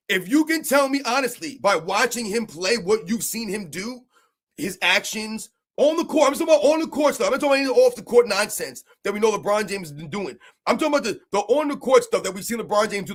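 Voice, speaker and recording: A fairly bright tone colors this man's strikingly high voice as he rants during a live sports stream. Mocking and worked up, he keeps driving his point home with rhetorical questions.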